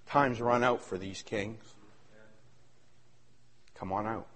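A male pastor preaching a sermon, swinging between shouted excitement and hushed asides. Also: on the low side, takes it slowly, pauses often.

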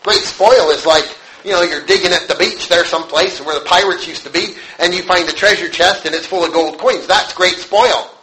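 A man's voice: high voice, normal speed, few pauses, pushed and bright, rough recording. A middle-aged man preaching a conversational sermon, acting out little quoted voices as he goes.

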